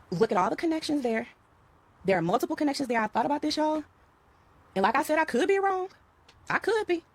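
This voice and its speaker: A middle-aged woman holds forth to her viewers in a casual spiritual vlog. Her voice sits high and swings widely in pitch, with a slightly husky edge. She leans on repetition and keeps calling out to her audience as y'all. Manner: emphatic, repeats phrases, addresses viewers as y'all and child. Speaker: vlogger talking to her followers.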